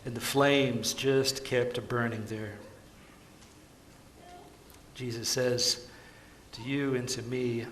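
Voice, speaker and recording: A man preaching a sermon, moving between soft, pleading tenderness and loud, urgent calls. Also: mid-range voice, fairly even intonation, slow pace, long pauses, echoey room, slight background noise. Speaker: pastor.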